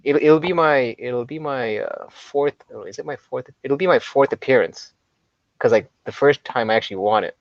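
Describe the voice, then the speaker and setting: A man's voice: medium pitch, moderate pace, no echo. Man, co-host, nasal, stuffed up from allergies, dry close sound, dull lo-fi mic. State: congested from allergies. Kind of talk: casual live-stream chat.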